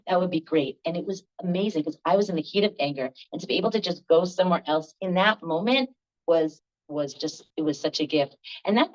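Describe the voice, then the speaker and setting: An older woman leading a laughter workshop, telling lively stories, laughing often and acting out the voices of the people in them. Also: medium pitch, highs cut off. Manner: animated, laughs often, acts out quoted voices. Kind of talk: storytelling workshop talk.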